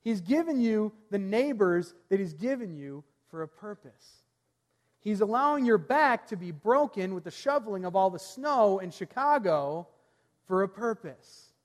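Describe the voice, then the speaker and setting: A man pastor preaching a sermon earnestly, reading scripture aloud and letting his phrase ends fall soft. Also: high-pitched, very animated, measured pace, long reverb tail.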